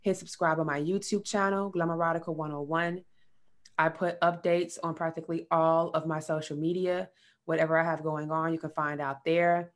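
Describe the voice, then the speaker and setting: A woman's voice: deep voice, level tone, moderate pace. A woman guest on a podcast, talking earnestly about faith and personal work, with casual slang. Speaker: podcast guest, sexual health coach. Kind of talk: casual spiritual chat.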